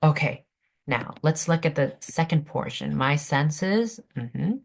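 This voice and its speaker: A woman's voice: deep voice, slow, vocal fry. A woman teaching a literature class online, speaking patiently and checking in with her students over a video call. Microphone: computer mic on video call.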